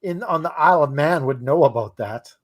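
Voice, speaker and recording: Chatty man with a higher voice. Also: animated. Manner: chatty, hesitant, quick to laugh. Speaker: podcast co-host. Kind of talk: casual podcast chat.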